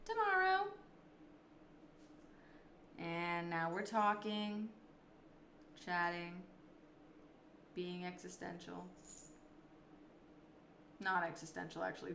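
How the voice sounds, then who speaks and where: A woman streams live and chats easily with her viewers, answering their messages as they come in. Her voice is bright and forward, and it bounces around an echoey room with a light hiss of background noise. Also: fairly high pitch. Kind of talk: casual live-stream chat.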